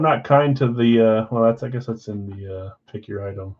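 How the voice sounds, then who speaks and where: A man hosting a live card-break stream in casual chat, rattling off names and teams, swinging between loud calls and quiet asides. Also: fairly low pitch, moderate pace, hardly any pauses, lo-fi sound.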